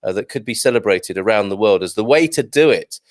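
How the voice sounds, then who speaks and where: Brief: male morning-show host, cheerful and chatty, animated pitch. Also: a little fast, no room sound, studio quality. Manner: jovial, reads out viewer comments. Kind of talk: live morning show chat.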